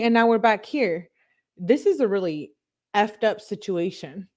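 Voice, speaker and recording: A woman hosting a livestream, reacting to a court hearing with outraged, rapid-fire rhetorical questions and swearing. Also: medium pitch, lively intonation, darkish tone. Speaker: livestream host. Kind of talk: live reaction commentary.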